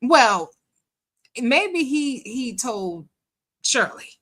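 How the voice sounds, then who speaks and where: A woman's voice: fairly high pitch, very animated, extremely slow, a bit bright. A woman hosting a livestream, giving sassy, colloquial commentary on a phone call and laughing often as she mocks it. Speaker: livestream host.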